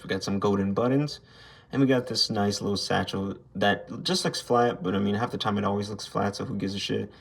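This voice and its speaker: A man's voice: on the low side, creaky, a bit bright. A young man casually reviewing an action figure, rambling, swearing freely and airing blunt gripes. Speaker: toy reviewer. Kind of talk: casual unscripted toy review.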